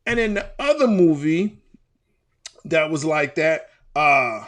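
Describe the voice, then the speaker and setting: A man co-hosting a casual sports talk show, animated and repeating himself, with big swings in pitch. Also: slow pace. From Houston, Texas. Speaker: co-host.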